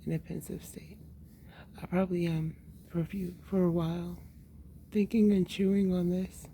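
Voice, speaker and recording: A woman's voice: fairly low pitch, little pitch movement, moderate pace, dark tone, a little hiss or hum. A woman and mother talking candidly in a casual personal monologue, swearing freely and laughing often.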